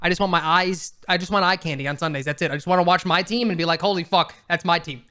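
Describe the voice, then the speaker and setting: A man's voice: high voice, very fast, pushed and bright, clear, resonant tone. A man co-hosting a casual sports podcast, talking bluntly and emphatically and swearing casually. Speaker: podcast co-host.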